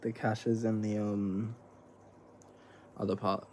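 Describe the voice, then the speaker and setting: A man's voice: on the low side, level tone, takes it slowly, a little mellow, a little hiss or hum. A young man, chatting casually in a rambling, slangy vlog while snacking, swearing freely. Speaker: vlogger. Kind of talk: casual eating vlog chat.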